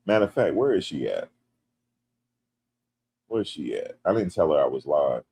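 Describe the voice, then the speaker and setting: A man from the United States hosting a casual livestream. He reads viewer comments aloud and jokes back, turning loud and animated when teased. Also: rumbling low, moderate pace, husky. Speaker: livestream host.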